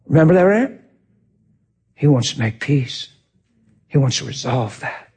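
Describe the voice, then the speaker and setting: A man's voice: a little high, a little slow, long pauses, slightly rough. A man preaching a sermon, telling a personal story with lots of energy and acting out what people said. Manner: animated, acts out quotes, laughs often.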